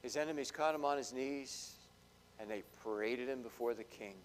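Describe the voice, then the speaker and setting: A man preaching a sermon, dramatic, swinging between loud bursts and hushed asides. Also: medium pitch, moderate pace, a little hiss or hum. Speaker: pastor. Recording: long hall reverb.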